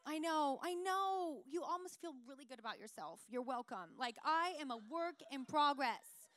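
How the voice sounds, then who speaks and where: High-voiced animated woman preaching. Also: normal speed, no room sound. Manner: animated, self-mocking storyteller; shifts to soft and earnest. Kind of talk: sermon with personal stories.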